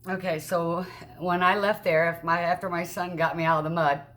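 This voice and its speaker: A woman vlogger telling a frightening personal story, shaken and halting, with many restarts and acted-out quotes in a raised voice. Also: lowish voice, fairly even intonation, fairly bright tone. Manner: acts out quoted dialogue with raised voice. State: upset.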